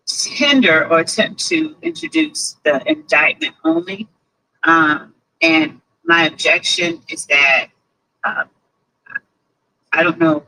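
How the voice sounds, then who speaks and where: Male attorney, gravelly and bright, lively pitch, measured courtroom argument. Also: poor audio. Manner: measured, with frequent ums.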